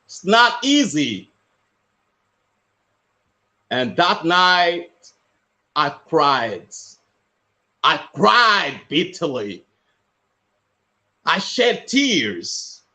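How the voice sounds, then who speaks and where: A man from West Africa tells his own story as a motivational speaker. His voice sits high for a man and swings widely in pitch. He speaks slowly and earnestly, and he repeats his key phrases for weight. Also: big pitch swings, sharp tone. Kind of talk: personal storytelling.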